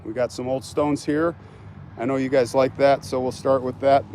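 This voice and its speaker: A man's voice: mid-range voice, little pitch movement, moderate pace, a little mellow, a little hiss or hum. A middle-aged man hosting a live cemetery walk outdoors, reading chat guesses aloud and teasing viewers with hot and cold hints. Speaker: channel host.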